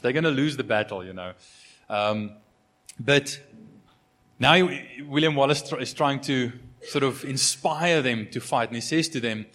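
A man's voice: medium pitch, a bit bright. A man from Africa, preaching a sermon in a conversational way, full of fillers and restarts. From South Africa. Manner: conversational, many fillers and repeated starts. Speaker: pastor.

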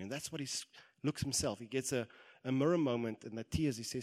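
A man in his thirties preaching a sermon, animated, acting out quoted lines and swelling into loud exhortation. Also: mid-range voice, a little fast.

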